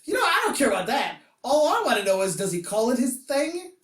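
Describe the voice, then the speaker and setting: A man's voice: very high-pitched, very animated, fairly quick, fairly bright tone, recorded from a distance. A man co-hosting a casual comic-book podcast, rambling and joking, laughing often. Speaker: podcast co-host. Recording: roomy echo, off-mic.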